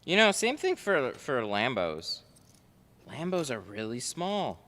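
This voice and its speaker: A man's voice: mid-range voice, wildly swooping pitch, takes it slowly, bright, forceful tone, long reverb tail. A man working as a window tinter, chatting casually on a livestream while he works and answers viewer chat. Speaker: window tinter streaming live. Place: car tint shop.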